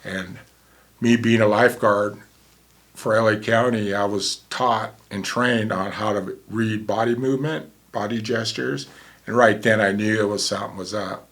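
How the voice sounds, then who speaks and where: A man's voice: fairly low pitch, steady tone, normal speed, fairly bright tone. A man in his sixties, a former paramedic, telling a vivid story in a casual way and acting out the dialogue.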